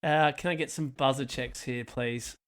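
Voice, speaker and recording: A man's voice: mid-range voice, fairly even intonation, normal speed, a bit bright, clear, resonant tone. A young man hosting a casual podcast quiz among friends, swearing freely and laughing as he teases the players. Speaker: podcast host and quizmaster.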